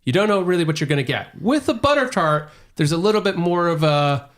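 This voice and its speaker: A man's voice: on the high side, expressive, fairly quick. A man co-hosting a casual podcast chat, rambling with lots of fillers and relishing his food descriptions. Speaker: podcast co-host.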